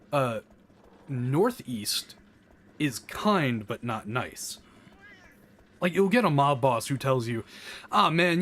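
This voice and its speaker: Chatty Southern US man, rambling. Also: medium pitch. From American South. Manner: rambling, chatty, animated asides. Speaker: gameplay commentator. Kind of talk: casual gameplay chat.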